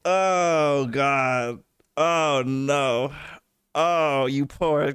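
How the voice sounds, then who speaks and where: A man's voice: mid-range voice, moderate pace, a bit bright, smooth, no room sound, clean studio sound. A man streaming live, reacting to a video with incredulous, mocking, profane commentary.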